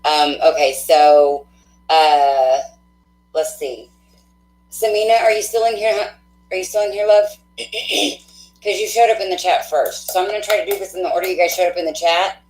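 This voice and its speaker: Low-voiced effusive woman hosting a stream. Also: fairly even intonation, moderate pace, pauses often, darkish tone, reverberant, faint music behind, rough recording. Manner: effusive, laughs often, thinks aloud with fillers. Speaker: tarot reader hosting a live stream. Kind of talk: casual live-stream chat with viewers.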